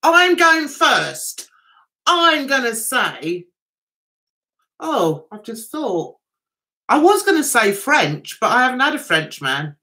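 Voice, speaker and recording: A woman's voice: high-pitched, very animated, slow pace, bright, forceful tone. A middle-aged woman with a Mancunian accent, chatting casually on her livestream, giggling often and reading viewer comments aloud. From Manchester, England. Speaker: livestream host.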